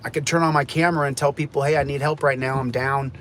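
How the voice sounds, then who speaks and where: A man's voice: mid-range voice, fairly even intonation, fast talker, fairly bright tone, a little hiss or hum. A man ranting on a livestream, rambling and repeating himself, agitated.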